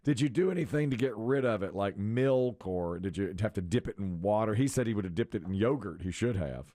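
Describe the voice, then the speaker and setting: A man's voice: fairly low pitch, animated, fairly quick, mellow, dry recording, clean studio sound. A man hosting a morning radio show, bantering casually with co-hosts and taking calls. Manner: chatty, agreeable, fields calls. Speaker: radio host.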